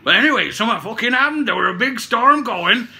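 A very high, expressive voice, gravelly yet bright and forceful, races along as a man with a Cockney-and-Somerset accent plays a puppet-show host. His comic story rambles, he corrects himself, curses, and laughs at his own humor.

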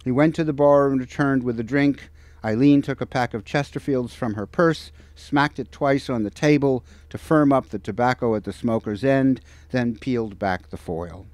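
A novelist reading from his book at a bookstore event, in a measured, expressive manner. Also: medium pitch, dry recording.

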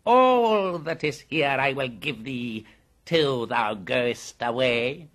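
A man voicing an ancient, evil male white cobra in an audiobook, slow and lisping with a menacing, gloating manner. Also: mid-range voice, animated, a bit bright, voice pushed up. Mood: sly. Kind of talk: audiobook character voice.

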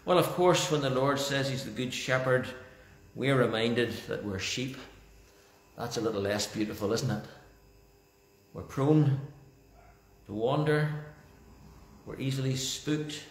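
A male pastor praying and then preaching a sermon in church, slow and deliberate, lingering over key phrases. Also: medium pitch. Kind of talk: sermon with opening prayer. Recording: roomy church echo.

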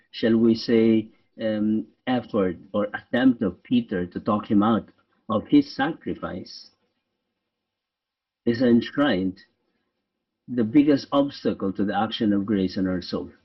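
A man, a priest, leading a guided meditation in a slow, reflective way with frequent pauses. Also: fairly low pitch. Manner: slow, reflective, pausing often. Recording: dull, lo-fi sound from a distant mic.

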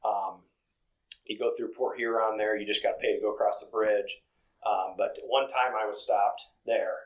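A man's voice: on the low side, steady tone, normal speed, poor audio. A man who works as a truck driver, chatting casually in an interview, rambling along with lots of "you know" fillers.

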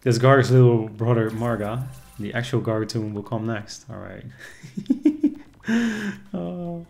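A man's voice: medium pitch, animated, a little slow, creaky, darkish tone. A man streaming casually, chatting with viewers and reacting to the game as it plays. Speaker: casino streamer. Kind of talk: casual live-stream commentary.

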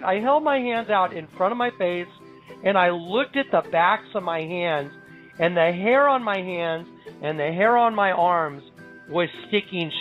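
A man recounting a personal experience as dramatic, halting testimony, full of restarts and pauses. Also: high voice. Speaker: storyteller. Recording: slightly dull recording with faint music.

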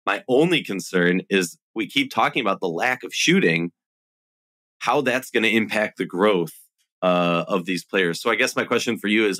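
A man with a Minnesotan accent hosting a casual sports podcast, opinionated and animated as he argues his takes. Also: low voice, dry recording, clean studio sound. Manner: opinionated, animated, self-deprecating. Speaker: podcast host.

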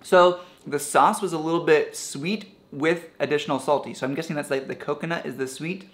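A man vlogger chatting casually in an apartment while tasting food, relaxed and thoughtful, hedging his opinions. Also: fairly high pitch, a little fast. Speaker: travel vlogger. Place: apartment, indoors. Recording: echoey room.

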